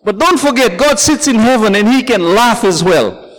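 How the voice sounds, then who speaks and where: Male pastor, sermon delivery, very lively swinging pitch, long hall reverb. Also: moderate pace. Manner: preaching with calls of "Amen" and "Praise the Lord", storytelling.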